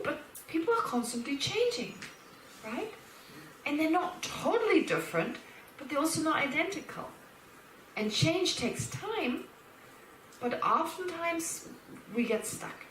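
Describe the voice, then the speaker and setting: Animated woman teaching in an echoey room. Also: high voice, a little slow. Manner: animated, questioning the class, acting out little quoted exchanges. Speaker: Buddhist teacher. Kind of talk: teaching a class on the mind. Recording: echoey room, mic far off, faint noise.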